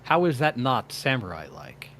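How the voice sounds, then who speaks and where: Bright-voiced man with offhand quips. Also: mid-range voice, big pitch swings, normal speed, a little hiss or hum. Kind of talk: casual livestream chat.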